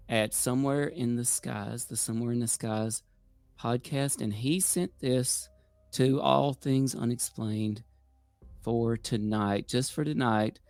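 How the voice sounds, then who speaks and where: A man's voice: mid-range voice, gravelly, dry recording. A man co-hosting a podcast, joking and bantering in casual chat. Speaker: podcast co-host.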